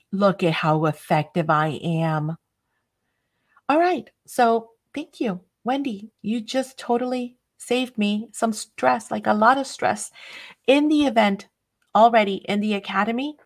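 A woman hosting a casual craft livestream, chatty and a bit scattered, often laughing. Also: fairly high pitch. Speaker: craft channel host.

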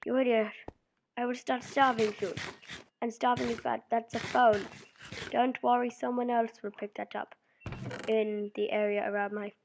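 A woman's voice: a little high, little pitch movement, normal speed, gravelly. Rambling, playful young woman gamer. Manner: rambling, playful, acts out silly imagined dialogues. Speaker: let's play gamer. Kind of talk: casual gameplay commentary. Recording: noisy home mic recording.

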